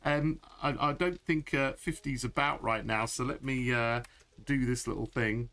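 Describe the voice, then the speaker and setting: A man's voice: mid-range voice, a little slow, a bit bright. A middle-aged man chatting through a live gameplay stream, laughing often and answering chat. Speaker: game streamer.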